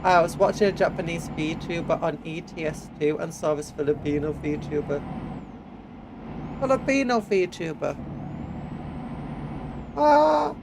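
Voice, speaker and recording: A high, light-voiced man with an English accent talks casually through a gameplay stream, a little sniffly from hay fever. He chats to his viewers and hums bits of tune between remarks. The rumble of truck engines from the game sits clearly behind him. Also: lively intonation, unhurried, long pauses. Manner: chatty, reads chat aloud, hums little tunes while driving.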